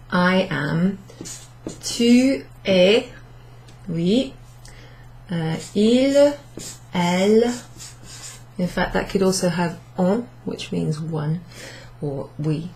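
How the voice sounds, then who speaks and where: A woman teaching a recorded French lesson, chatty and relaxed, with frequent ums and light laughs as she writes out examples. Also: mid-range voice, low-quality recording. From Wales.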